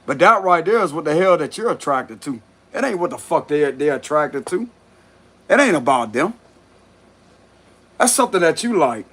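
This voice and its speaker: A man talking through a tarot reading in a loose, blunt way, with plenty of swearing and chuckling. His voice sits on the higher side for a man. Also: sing-song, moderate pace, long pauses, a bit bright, slightly rough. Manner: blunt, profane, laughs often. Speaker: tarot reader. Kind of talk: casual spoken tarot reading.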